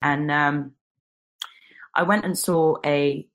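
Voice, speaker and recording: A young woman with a low-pitched voice tells a personal story as an interview guest. She talks in an animated way, often slipping into the voices of the people in her story. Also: slow pace. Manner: animated, acts out quotes.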